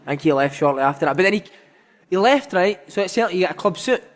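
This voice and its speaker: A man's voice: high voice, lively intonation, fast. Laughing man telling football stories. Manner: laughing, anecdotal, peppered with "mate". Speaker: podcast host and former footballer. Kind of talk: casual storytelling chat.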